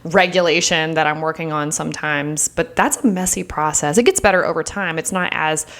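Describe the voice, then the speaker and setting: A woman's voice: low-pitched, brisk, a bit bright. A middle-aged woman hosting a podcast, talking earnestly and openly in a rambling personal monologue full of "like"s. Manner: earnest and open, rambling with many "like"s. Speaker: podcast host.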